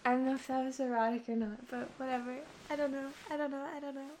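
A woman out of breath and dazed, talking in halting, breathy bursts between heavy sighs as she records at her computer. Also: high-pitched, level tone, a little mellow, slight background noise. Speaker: audio creator. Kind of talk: unscripted recording to listeners. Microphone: computer recording setup.

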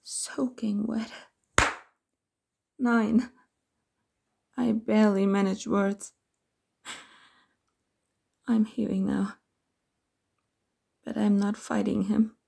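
A woman speaks in a whispered role-play, her voice drawn out slowly and heavy with gravelly fry. The tone is husky and mellow, close and intimate. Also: medium pitch, flat delivery. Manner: soft breathy whisper, slow and intimate. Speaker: narrator of an erotic audio story.

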